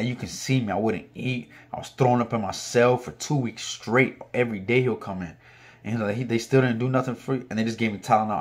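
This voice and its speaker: Guy with a lowish voice, telling his story casual and slangy, gets fired up retelling arguments.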